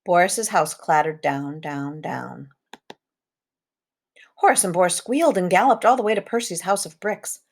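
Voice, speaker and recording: A woman reads a children's storybook aloud in a somewhat low voice. She keeps up lively sound effects and rhythmic repetitions. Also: normal speed.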